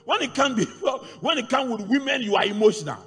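A man preaching a sermon to a congregation, animated and rising into shouts. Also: very high-pitched, fast talker, slightly rough. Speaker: pastor. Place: large church hall. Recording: church hall reverb with faint music.

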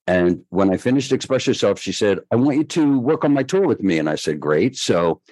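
Older male guest, low voice, animated raconteur, dry close sound. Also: fairly quick, no echo, low-quality recording. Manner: lively storyteller who acts out quoted voices. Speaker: guest choreographer. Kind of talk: storytelling in a podcast interview.

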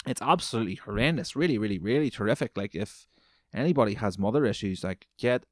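Profane, rambling man with a low voice. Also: lively intonation, fast, no room sound, studio quality. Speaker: podcast host. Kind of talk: comedic solo rant.

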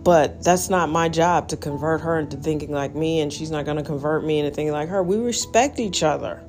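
A woman hosting a podcast, giving a blunt, emphatic opinion monologue that jumps into sudden high exclamations. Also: fairly quick, darkish tone, faint music behind. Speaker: podcast host.

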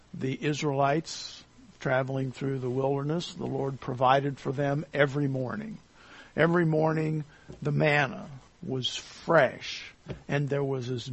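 A pastor giving a sermon, speaking deliberately with frequent pauses, fillers and restated phrases. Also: male voice, on the high side, gravelly, slightly rough. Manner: halting, deliberate delivery with many uh fillers and restatements.

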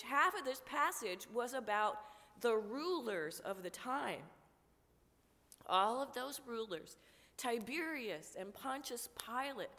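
A woman pastor with a cold preaching a sermon, slow and earnest with touches of humor. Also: fairly high pitch, lively intonation, sharp tone. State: has a cold, coughing. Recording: long reverb of a large room.

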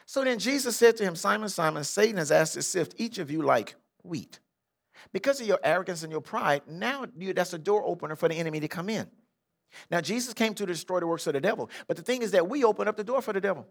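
Older guy preaching, bright high voice jumping all over, does the bible people in slang. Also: quick pace, creaky. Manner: animated preaching, acting out Bible figures in street slang. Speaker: pastor. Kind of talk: sermon. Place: church sanctuary.

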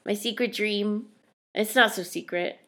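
A woman's voice: medium pitch, measured pace, bright, forceful tone. Rambling, hesitant middle-aged woman. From Rhode Island. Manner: rambling, hesitant, laughs often. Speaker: podcast co-host, mother. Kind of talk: casual chat.

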